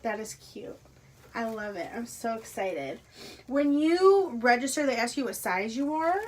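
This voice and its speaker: A woman unboxing items at home in a casual, gushing way, often dropping to breathy whispers. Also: on the high side, animated, measured pace, darkish tone. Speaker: unboxing vlogger. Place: carpeted room at home.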